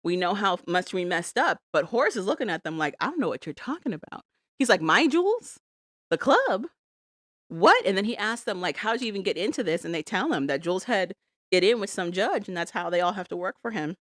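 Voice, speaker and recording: A woman's voice: lowish voice, fast talker, no room sound, clean studio sound. A woman co-hosting a podcast, recapping a TV episode in casual chat and acting out characters' lines. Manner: animated storytelling, acts out quotes. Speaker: podcast co-host.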